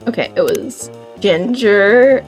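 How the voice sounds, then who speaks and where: A young woman playing a game and commenting in an excitable, chatty way. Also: medium pitch, slow. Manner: excitable, chatty, gasping and laughing. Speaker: let's play gamer. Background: game music.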